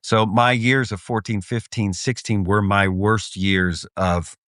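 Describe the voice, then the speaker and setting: A middle-aged man co-hosting a podcast, telling stories with lively energy and swearing freely. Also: lowish voice, a little slow, dry recording, studio quality. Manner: lively storyteller, acts out voices, swears freely. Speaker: podcast co-host. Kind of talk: casual chat, animated storytelling.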